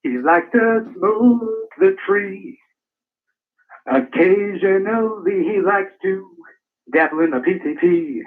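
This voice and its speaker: A man's voice: high-pitched, animated, slow pace. A man calling into a radio show with a chanting, taunting comic bit. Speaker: caller. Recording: tinny phone line.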